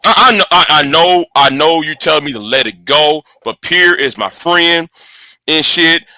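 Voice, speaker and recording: Male host, high lively pitch, close dry sound, angry profane rant with many restarts. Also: a little slow, no echo. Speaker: channel host. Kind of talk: casual livestream rant.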